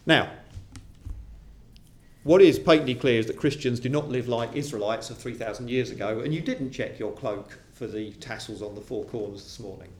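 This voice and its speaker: A man preaching a sermon to a congregation, animated and acting out quoted voices. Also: mid-range voice, moderate pace. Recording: roomy echo of a hall.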